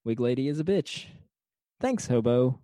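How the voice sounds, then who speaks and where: A man's voice: medium pitch, lively intonation, normal speed, mellow, dry recording, studio quality. A man co-hosting a casual podcast, reading listener title ideas with wry remarks. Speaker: podcast co-host. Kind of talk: casual chat.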